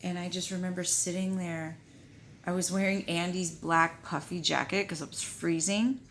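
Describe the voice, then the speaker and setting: Gravelly-voiced woman telling a story. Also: fairly low pitch, moderate pace, a little hiss or hum. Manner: profane, animated retelling with quoted dialogue. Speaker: vlogger. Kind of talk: casual storytelling to camera.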